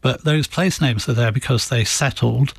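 A man speaking as an interview guest, calm and explanatory, sprinkling dry jokes into his stories. His voice sits in a middle pitch and the recording is close and dry, with no room echo. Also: vocal fry, husky. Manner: measured, explanatory storyteller with dry humor. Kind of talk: conversational radio interview.

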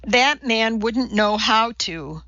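Sharp proud woman scientist, as the reader. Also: a little high, animated, slow pace, dry recording, lo-fi sound, exaggerated voice. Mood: indignant. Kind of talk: audiobook character reading.

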